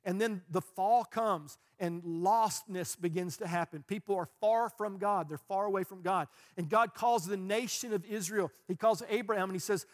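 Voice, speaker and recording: Preacher guy, kinda high voice, earnest, speeds up when he gets fired up. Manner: earnest, builds to fast passionate bursts. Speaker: pastor. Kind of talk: sermon.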